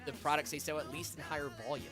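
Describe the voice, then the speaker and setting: A man's voice: on the high side, little pitch movement, very fast, music in the background. A young man hosting a casual tech livestream, chatty and rambling, his voice a little off after being sick. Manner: chatty, rambling with fillers and asides to chat. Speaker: stream host.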